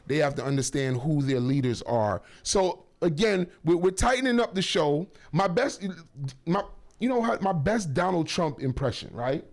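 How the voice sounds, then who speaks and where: A man hosting a casual talk radio show, rambling and joking with lots of shout-outs and self-corrections, on a studio microphone. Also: on the high side, gravelly.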